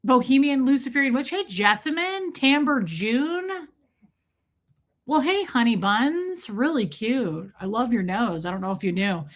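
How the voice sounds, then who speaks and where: A woman's voice: fairly high pitch, expressive, measured pace. A woman hosting a casual livestream, chatting and teasing as she greets viewers one by one. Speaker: livestream host.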